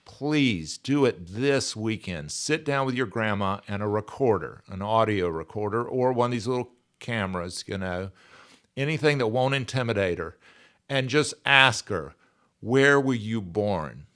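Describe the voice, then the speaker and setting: Earnest man in his sixties, low voice. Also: expressive, moderate pace, fairly bright tone. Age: 60s. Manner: earnest, emphatic, repeats key phrases. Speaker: podcast guest. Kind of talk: conversational interview.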